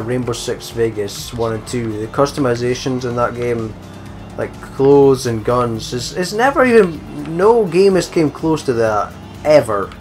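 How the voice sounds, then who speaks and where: A man giving casual, rambling gameplay commentary, swearing a lot and joking around. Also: mid-range voice. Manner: swearing, rambling, jokey, breaks into song. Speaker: let's play gamer.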